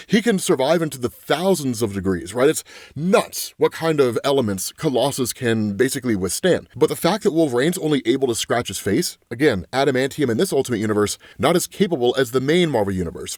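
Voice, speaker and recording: A man chatting casually as a comics explainer, retelling a story and often tagging lines with a quick "right?". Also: medium pitch, a little mellow, no room sound, clean studio sound. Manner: chatty, keeps asking "right?". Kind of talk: casual video commentary.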